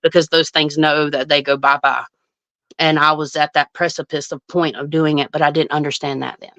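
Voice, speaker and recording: A woman's voice: deep voice, little pitch movement, brisk, a bit bright, dry recording. A woman, a psychic medium guest telling a story in casual chat, earnest and emphatic. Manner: earnest, emphatic retelling with frequent restarts.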